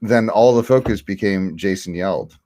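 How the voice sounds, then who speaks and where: Middle-aged male host, low voice, candid, rambling delivery, dry close mic. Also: moderate pace, mellow, no echo. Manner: candid, rambling with many fillers. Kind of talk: casual livestream chat.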